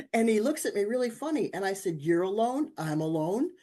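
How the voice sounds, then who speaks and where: An older woman, a guest on a talk show, telling personal stories in casual chat, acting out the voices of people in them and laughing often. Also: fairly quick. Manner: animated, acts out dialogue with big pitch jumps, laughs often. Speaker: podcast guest, author.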